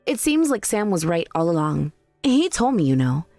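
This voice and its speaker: A woman voicing a cool young wife in a scripted drama, who accuses in a calm, cutting way. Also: fairly low pitch, moderate pace, no room sound, faint music behind. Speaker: daughter-in-law.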